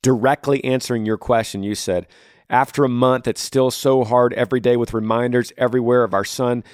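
A man's voice: mid-range voice, fairly even intonation, a little fast, dry recording, clean studio sound. A podcast host in his thirties answering a listener's question on grief, blunt and earnest, speaking in repeated rhythmic phrases. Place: home room.

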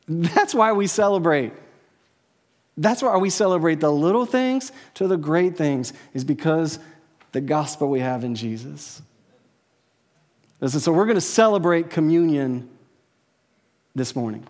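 A man preaching a sermon to a church congregation in a conversational way, often checking in with his listeners with a quick "right?". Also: on the high side, lively intonation, in a large hall. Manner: conversational, peppered with "right?" tag questions. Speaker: pastor. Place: church service with a live audience.

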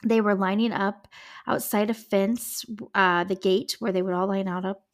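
A woman's voice: medium pitch, steady tone, moderate pace. A woman hosting a true-crime podcast, telling a case in a chatty, emotional way with frank asides and the odd curse. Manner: chatty, emotional asides, swears when upset. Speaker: podcast host.

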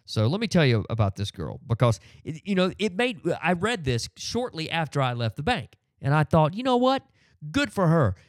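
Profane, animated man ranting casually. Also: fairly high pitch, normal speed, dry recording, clean studio sound. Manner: profane, animated storytelling with frequent fillers. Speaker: podcast host.

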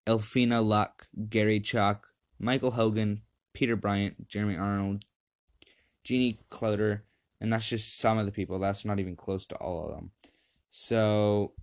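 A young man hosts a laid-back podcast from home, upbeat and rambling with lots of fillers as he reads lists off a screen. His voice is fairly low and smooth.

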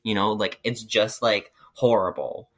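A man co-hosting a podcast in casual chat, sick and achy, rambling through animated stories. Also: on the low side, unhurried. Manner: rambling, animated storytelling with put-on quotes. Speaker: podcast co-host.

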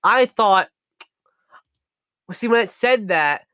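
A man's voice: high voice, animated, sharp tone, clean tone, dry recording. Rambling young man streaming, dry sound. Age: young adult. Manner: rambling, restarts, quick apologies. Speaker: podcast co-host and streamer. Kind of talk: casual livestream chat.

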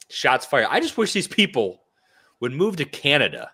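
A man's voice: mid-range voice, huge pitch swings, normal speed, sharp tone, husky. A man co-hosting a political talk show, ranting with indignant sarcasm.

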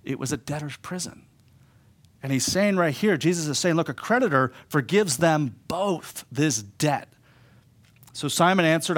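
A middle-aged man preaching with lots of energy, his voice sitting a little high for a man. He swings from loud, driving emphasis down to quiet, tender stretches. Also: measured pace. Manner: animated preaching, voicing quoted speakers, drops to soft emphasis. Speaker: pastor. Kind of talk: sermon.

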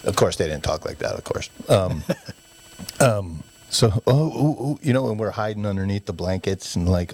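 A man with a fairly low voice tells loose, rambling stories about growing up. He slips into his parents' voices as he acts out scenes, laughing along the way. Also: normal speed, slight background noise. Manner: animated storyteller who acts out parents' voices. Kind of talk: casual storytelling chat.

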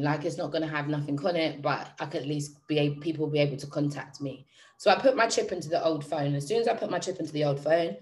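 A woman speaking to her audience, telling a personal story in a lively, emphatic, slangy way and often repeating phrases for effect. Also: deep voice. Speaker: motivational speaker.

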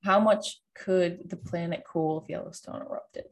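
A woman's voice: fairly low pitch, steady tone, moderate pace. A woman in her twenties hosting a podcast, casually presenting her thesis and quizzing her family, with many fillers. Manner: chatty, hedging with fillers like "like" and "um".

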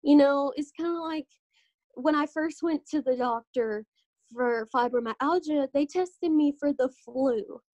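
A young woman hosting a casual podcast chat, telling animated stories and acting out what doctors said to her. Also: high-pitched, a little slow, dry recording, dull audio. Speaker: podcast host.

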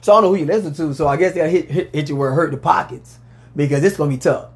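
A man hosting a casual sports talk show, talking in a loose, rambling way and letting out loud whoops. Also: a little high, very fast.

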